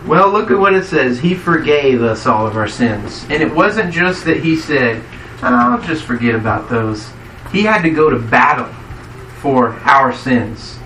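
With a mid-range, sharp-toned voice and lively intonation, this pastor preaches a little slowly in a conversational style, frequently asking his listeners questions. He's recorded from a distance in an echoey hall, with slight background noise.

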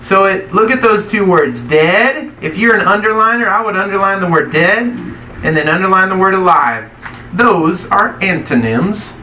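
A man preaches a sermon in an easy, conversational way, often putting questions to his listeners. His voice is bright and a little high, and it rings through an echoey hall, picked up from some distance by the mic. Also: animated, moderate pace, a little hiss or hum. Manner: conversational, asks the congregation questions. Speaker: pastor.

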